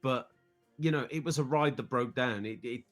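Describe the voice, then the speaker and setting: A man's voice: medium pitch, normal speed, a bit bright, faint music behind. British man telling a long story. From United Kingdom. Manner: rambling, repeats words when starting sentences. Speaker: podcast guest. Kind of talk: casual storytelling.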